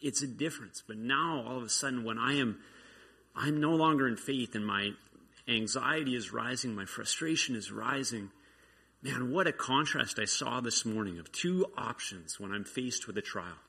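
Man, church testimony, informal, earnest storytelling, tense bright tone, raspy edge. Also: medium pitch, animated, moderate pace. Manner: earnest storytelling with frequent restarts. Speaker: church member sharing a testimony.

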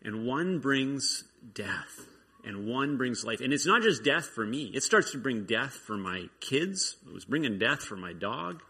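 Man, church testimony, informal, earnest storytelling, tense bright tone, raspy edge. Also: mid-range voice, big pitch swings, measured pace. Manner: earnest storytelling with frequent restarts. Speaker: church member sharing a testimony.

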